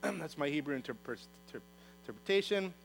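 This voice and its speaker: A man preaching a sermon, telling a story in a lively way and acting out the characters' lines in voices. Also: fairly high pitch, brisk, vocal fry, slight background noise, rough recording. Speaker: pastor.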